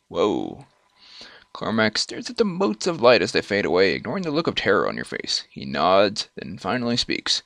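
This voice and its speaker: A man hosting a let's play, reading the game's text aloud and adding wry, animated asides. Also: deep voice, normal speed, creaky, no room sound.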